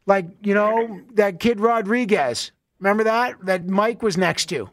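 A man's voice: high voice, unhurried, a bit bright, dry recording, studio quality. A man hosting a call-in talk radio show, bantering playfully with callers and laughing often.

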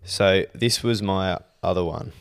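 A young man co-hosting a podcast, telling stories in lively, sweary casual chat. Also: deep voice, unhurried, smooth. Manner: animated storytelling, swears freely. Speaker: podcast co-host.

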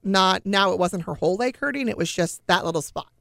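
A middle-aged woman casually telling a personal family story, animated and full of conversational fillers. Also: mid-range voice, fairly quick, creaky, dry recording, clean studio sound. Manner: animated, acts out quoted dialogue.

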